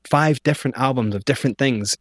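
A man's voice: medium pitch, a little fast, dry recording, studio quality. Man recounting his story animatedly. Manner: animated storyteller, acting out quotes. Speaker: guest. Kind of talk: telling his story in an interview.

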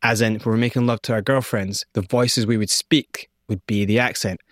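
A man, an interview guest, telling his story in an animated, conversational way. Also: lowish voice, a little fast, dry recording, studio quality. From Scotland.

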